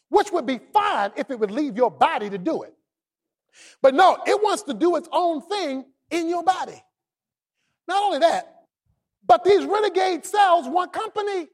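A male pastor preaching with a strikingly high voice that leaps and dips all over the place. He punches key words with shouts, then drops to a low, quiet murmur. Now and then he has the congregation repeat a line after him. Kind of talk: sermon.

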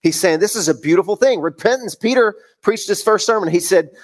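Pastor, middle-aged man, slightly high voice, casual preaching full of rhetorical questions. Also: a little fast. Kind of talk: sermon.

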